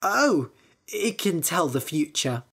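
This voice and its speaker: A woman reading a storybook aloud, voicing a sly young male trickster with a smooth, scheming manner. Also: low-pitched, big pitch swings, takes it slowly, heavily acted.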